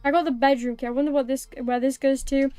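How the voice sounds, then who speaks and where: A woman's voice: sits high, steady tone, fast, warm tone, no room sound. A woman live-streaming a game, chatting playfully with viewers, thanking them and meowing like a cat. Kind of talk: live-streamed gameplay chat.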